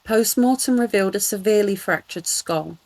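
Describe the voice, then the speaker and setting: A woman with a London accent, co-hosting a podcast, earnest and relaxed as she talks through case details. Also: medium pitch, brisk, dry recording, rough recording. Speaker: podcast co-host. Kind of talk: casual chat.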